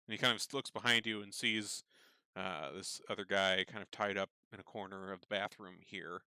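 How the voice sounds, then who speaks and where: A man narrating a tabletop game as game master, relaxed and full of fillers. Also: deep voice, normal speed, smooth, no room sound.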